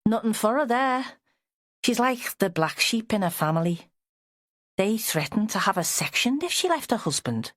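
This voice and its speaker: A weedy, fretful man with a Liverpool accent, devoted to his wife, as a woman narrator puts him on. His pitch rises and falls a lot, in a dry, close recording. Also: sing-song, normal speed, no echo. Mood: worried.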